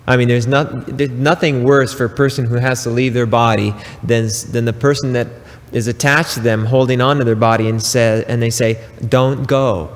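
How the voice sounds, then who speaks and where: A man giving a spiritual talk, preaching slowly and emphatically with pauses and casual asides. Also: mid-range voice, level tone, long reverb tail. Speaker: spiritual teacher.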